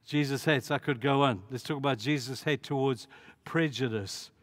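A man's voice: medium pitch, moderate pace. A man preaching a sermon as pastor, telling the story dramatically and acting out the voices in it. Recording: long hall reverb.

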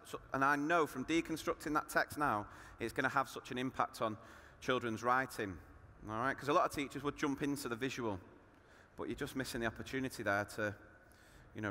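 A man, a primary school teacher, speaks to a room of educators with animated energy and frequent rhetorical questions. His tone is bright and forceful at an average pitch. A long reverb trails off each phrase, as in a large hall. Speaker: primary school teacher giving a conference talk. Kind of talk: lively presentation to teachers.

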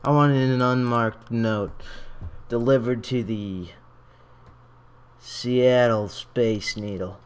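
A man's voice: medium pitch, fairly even intonation, takes it slowly, pauses often, clear, resonant tone, natural voice. A man voicing a threatening male caller leaving an extortion voicemail as a prank. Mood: menacing. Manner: threatening, repeats demands.

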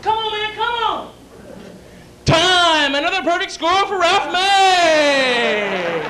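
A man's voice: very high-pitched, animated, noisy background, voice pushed up, full character voice. A man playing a male rodeo arena announcer who stretches out his words. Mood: announcing. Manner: drawn-out announcer delivery.

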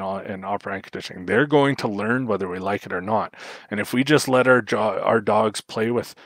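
A man's voice: fairly low pitch, no room sound. A man giving a livestreamed talk on raising puppies as a dog trainer, explaining at length with frequent fillers and restarts.

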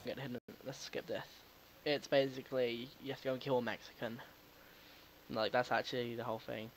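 Playing a video game at home for his gaming video, a man jokes casually, talks back to the characters, and swears occasionally. His mid-range voice is level in tone and a little fast. The recording is rough, with a little hiss or hum.

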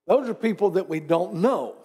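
A man's voice: high voice, animated, normal speed, warm tone, slightly rough. A man pastor preaching a conversational sermon in church, asking the congregation rhetorical questions and dropping teasing asides.

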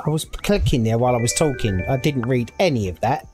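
A man's voice: mid-range voice, animated, brisk, hardly any pauses, music in the background. A man casually commenting on a game as he plays, thinking aloud and reading the on-screen text. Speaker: gaming video creator. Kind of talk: casual let's-play commentary.

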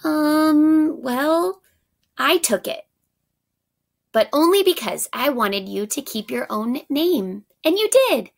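A kind, slightly sheepish little boy from a storybook, speaking hesitantly with a raised, childlike pitch, as a woman reading aloud puts him on. The delivery is slow and unhurried. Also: sing-song, creaky, heavily acted.

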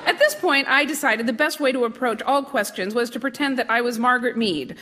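A woman telling a comic story as a guest on a live radio show, in a wry, deadpan manner. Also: fairly high pitch, a little fast. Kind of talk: comic storytelling monologue before a live audience. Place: theater stage with a live audience. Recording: live theater with long hall reverb, audience laughter and noise.

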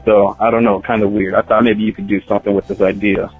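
A man's voice: lowish voice, flat delivery, quick pace, phone-quality sound, soft background music. A man leaving a hesitant, rambling voicemail for a podcast host. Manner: hesitant, many ums and uhs. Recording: husky phone voicemail.

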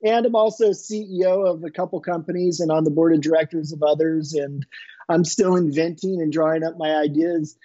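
A man's voice: a little high, fairly quick, no room sound. Man telling a story, dull dry sound. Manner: relaxed, rambling anecdotes with many restarts. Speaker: inventor and entrepreneur guest. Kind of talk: casual storytelling interview.

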